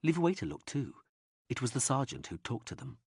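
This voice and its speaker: A man narrating an audiobook in a lively, expressive reading style. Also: mid-range voice, fairly quick, creaky, slightly rough, dry recording, studio quality. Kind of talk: scripted narration.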